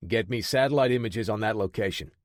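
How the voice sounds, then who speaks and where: A weary male agency director, read by a narrator in his own voice, giving terse orders to his technicians in a flat, businesslike tone. The read is dry and close. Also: on the low side, quick pace, dry recording, lightly acted.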